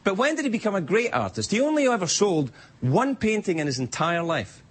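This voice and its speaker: A Scottish-accented late-night talk show host delivers a rambling, wry stand-up monologue in a TV studio, jumping into silly voices. His voice is high with big pitch swings and a fairly quick pace, and audience laughter and noise surround him.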